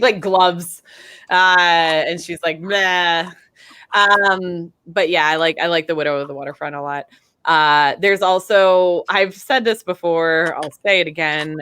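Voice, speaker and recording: A woman's voice: low voice, pushed and bright, clear, resonant tone, dry recording. A woman guest in casual fan chat, bubbly and rambling, with lots of fillers.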